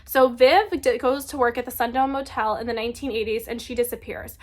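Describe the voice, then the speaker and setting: A young woman chatting casually and excitedly about books she loves, with lots of filler words. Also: on the high side, fairly quick. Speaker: book reviewer. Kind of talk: casual book recommendation vlog.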